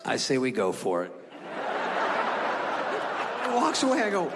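A male stand-up comedian tells a story, and his voice jumps high and panicky when he acts himself out. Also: wildly swooping pitch, measured pace, long pauses. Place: comedy club stage before an audience. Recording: live from a hall with crowd noise. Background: audience laughter.

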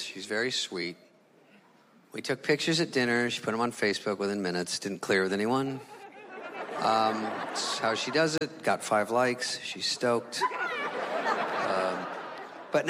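Animated male stand-up comic in a live hall. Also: a little hiss or hum. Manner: acts out voices of the people and animals in his stories; swears freely and jumps between high squeaks and low mutters. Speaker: stand-up comedian. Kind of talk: stand-up comedy set. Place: stage in a large venue. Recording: live hall recording with audience.

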